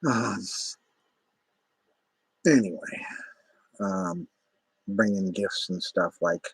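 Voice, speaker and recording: Man, low husky voice, rambling profane storyteller, dry close sound. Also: very animated, very slow, no echo, rough recording. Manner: rambling, profane, many fillers. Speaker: vlogger. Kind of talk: casual spoken storytelling.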